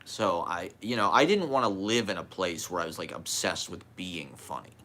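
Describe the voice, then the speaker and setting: A man's voice: sits low, expressive, moderate pace, pushed and bright. A man with a slight lisp, talking candidly in a rambling personal monologue, swearing and laughing as he goes.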